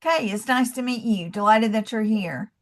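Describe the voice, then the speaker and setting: A woman's voice: a little high, normal speed. Southern lady running a webinar on a video call, friendly chatty coach, calls folks love. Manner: chatty and encouraging, says y'all and calls listeners love. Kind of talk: casual online presentation.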